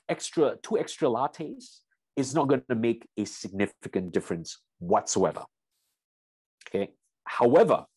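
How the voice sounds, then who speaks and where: A man's voice: medium pitch, a little mellow, husky, dry recording. A man giving a seminar lecture as a strength coach, telling a story about a client to his audience. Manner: storytelling, addresses audience as "you guys".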